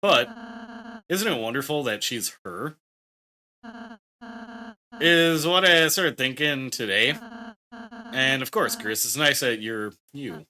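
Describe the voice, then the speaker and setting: A man voicing a gentle, shy young male goat-like prince who speaks softly and hesitantly, often stammering. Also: medium pitch, slow, pauses often, low-quality recording. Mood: tender. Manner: soft-spoken, hesitant, stammering. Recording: faint game music behind.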